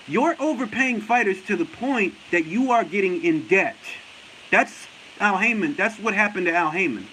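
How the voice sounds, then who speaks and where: Brief: New York-accented male boxing talk host, lively high voice, blunt and profane, laughs a lot. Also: slight background noise, poor audio. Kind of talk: casual commentary, answering viewer comments.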